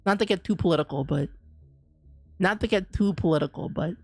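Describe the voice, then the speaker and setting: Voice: medium pitch, a little fast, vocal fry, slightly rough, no room sound. A streamer chatting casually during a live game, ranting with lots of restarts and slang. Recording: dry close mic with faint game music.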